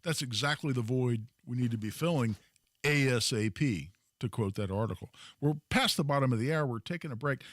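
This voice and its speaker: A man hosting a talk radio show, telling a story in an emphatic, animated way. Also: mid-range voice, a little fast, no room sound, studio quality. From Indiana, US. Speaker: radio host.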